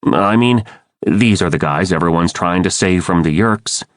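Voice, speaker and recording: A man voicing a sarcastic, wisecracking teenage boy in an audiobook, raising his pitch a little. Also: no room sound, studio quality, natural voice. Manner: joking, quick quips.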